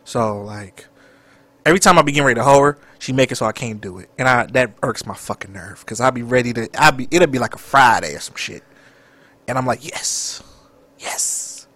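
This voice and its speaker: A young man co-hosting a podcast in casual chat, animated and dramatic. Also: mid-range voice, fast, dry recording. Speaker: podcast co-host.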